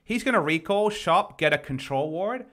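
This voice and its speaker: A man's voice: on the high side, expressive, normal speed, a bit bright. A man breaking down a recorded match as an esports analyst, explaining plays in detail. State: losing his voice. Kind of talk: game review commentary.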